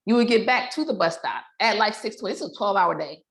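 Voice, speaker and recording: Fast-talking woman in a roomy space. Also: medium pitch, vocal fry. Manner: animated storyteller who acts out family quotes. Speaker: podcast guest. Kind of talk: casual chat. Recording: roomy echo.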